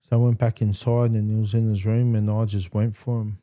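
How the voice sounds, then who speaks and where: A man hosting a podcast, telling a personal story candidly in a halting way with frequent restarts. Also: on the low side, little pitch movement, dark tone. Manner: candid and plainspoken. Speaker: podcast host.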